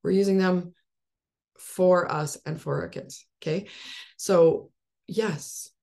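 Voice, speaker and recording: Woman in her forties, life coach, video call, gravelly low voice, upbeat, rhetorical questions. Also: takes it slowly, mellow. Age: 40s. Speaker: life coach hosting a support group call. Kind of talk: encouraging coaching talk.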